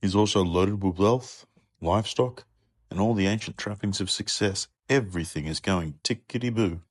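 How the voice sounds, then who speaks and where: This is a man with a lowish voice, recorded dry and close. He narrates with sarcastic, sweary humour and keeps switching into loud, high-pitched character voices. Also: normal speed, dry recording. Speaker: comedy podcast narrator. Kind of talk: irreverent comic retelling.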